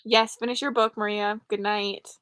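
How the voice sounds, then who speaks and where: A woman's voice: mid-range voice, little pitch movement, normal speed, fairly bright tone, clear, resonant tone, no room sound. A young woman hosting a late-night livestream, chatting casually with viewers and poking fun at herself. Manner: chatty, self-deprecating, answers chat. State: tired, up late. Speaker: livestream host. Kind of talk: casual live chat.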